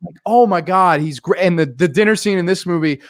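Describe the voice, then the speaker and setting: A man co-hosting a casual movie review chat, animated, laughing often and acting out scenes in voices. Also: high-pitched, a little fast, dry recording, clean studio sound. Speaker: podcast co-host.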